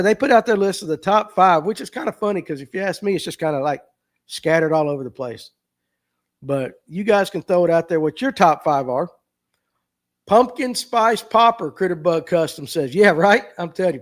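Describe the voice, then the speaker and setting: A middle-aged man, hosting a live fishing talk show and chatting casually as he reads out viewer comments and jokes about them. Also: a little high. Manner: folksy, joking, reads comments aloud and riffs on them. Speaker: host of a fishing talk stream.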